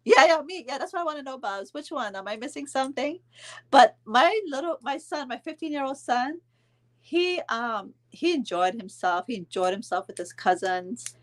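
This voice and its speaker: A woman in her thirties casually telling a vacation story to her viewers, chatting along with their comments and filling pauses with "um". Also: high-pitched, expressive, fairly bright tone. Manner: chatty, answers viewer comments, frequent ums and laughs. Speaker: vlog host telling a story to live viewers.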